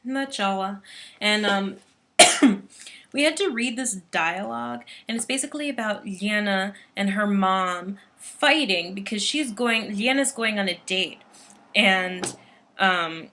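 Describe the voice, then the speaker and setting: A woman's voice: medium pitch, slow pace, pushed and bright, slight background noise. A woman in her late teens talking casually to her webcam in a video diary, rambling and a little frazzled, with lots of "like" and "um". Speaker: vlogger. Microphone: built-in computer webcam mic.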